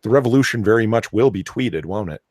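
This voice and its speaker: A man's voice: fairly low pitch, lively intonation, quick pace, darkish tone, dry recording, clean studio sound. A man co-hosting a comics podcast, reading an article aloud with sarcastic, exasperated commentary. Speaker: podcast co-host.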